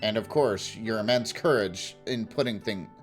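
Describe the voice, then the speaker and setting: A man's voice: lowish voice, moderate pace, soft background music, lightly acted. A man voicing a formal, old-fashioned male school director while reading game dialogue aloud.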